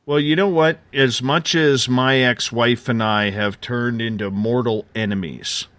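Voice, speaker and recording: A man's voice: medium pitch, steady tone, unhurried, a bit bright, dry recording. A man in his forties hosting a radio show, telling a personal story with many fillers and a lot of emotion. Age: 40s. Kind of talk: casual radio chat.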